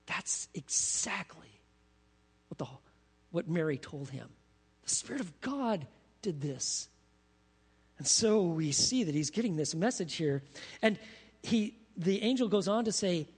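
A man preaching a sermon as pastor, animated, asking his congregation questions as he teaches. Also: on the high side, a little slow, long pauses, husky. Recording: long reverb of a large hall.

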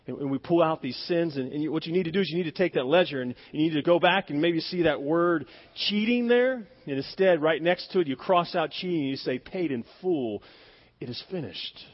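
A man preaching a sermon with emphatic delivery, dropping to near-whispers and rising to stressed loud words, asking the congregation to repeat phrases after him. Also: fairly high pitch, brisk, few pauses. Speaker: pastor. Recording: dull lo-fi sound.

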